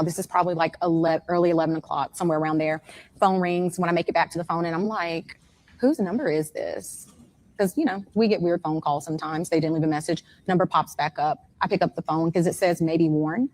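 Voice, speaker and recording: A woman in her forties, the mother of a missing young man, giving an emotional first-hand account in an interview and acting out what others said to her. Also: fairly low pitch. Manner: animated storytelling that acts out the other people's words.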